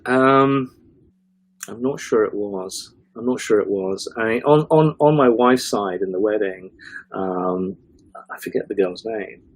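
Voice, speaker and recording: A man's voice: on the low side, husky, dry recording, poor audio. A middle-aged man chatting as an interview guest over a video call, rambling with many restarts and fillers. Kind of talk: casual interview chat.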